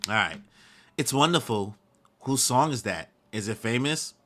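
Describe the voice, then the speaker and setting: A man's voice: mid-range voice, expressive, a little slow, sharp tone. A man reading a manga aloud live and reacting with slangy asides, as the regular host of his channel.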